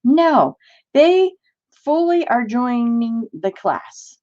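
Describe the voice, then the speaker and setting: A woman's voice: on the high side, very animated, extremely slow, mellow, lo-fi sound. A woman hosting a crafting stream, venting in casual chat and answering viewers in the chat. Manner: exasperated, talks to live chat viewers. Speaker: crafting channel host.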